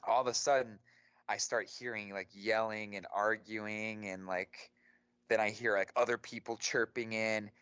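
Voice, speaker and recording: A young man co-hosting a podcast, telling a story in an animated, profane way full of fillers. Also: fairly low pitch, unhurried, clean tone, no echo, muffled recording. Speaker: podcast co-host. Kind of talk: casual storytelling.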